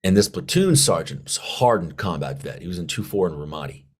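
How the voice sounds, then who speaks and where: Low-voiced veteran telling stories. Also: male voice, brisk, husky. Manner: animated, profane, acts out quoted dialogue. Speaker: podcast guest, Marine veteran. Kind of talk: casual storytelling interview.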